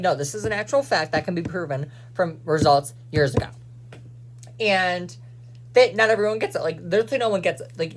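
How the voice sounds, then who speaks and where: Fast-talking young man venting. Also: high voice, a little hiss or hum. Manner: fast, blunt, profane venting. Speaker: vlogger. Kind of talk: venting to camera.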